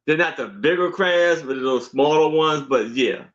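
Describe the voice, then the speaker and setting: A man co-hosting a live stream, telling a story in unhurried, halting casual chat. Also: a little high. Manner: unhurried, halting, with many restarts. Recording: dull lo-fi stream audio.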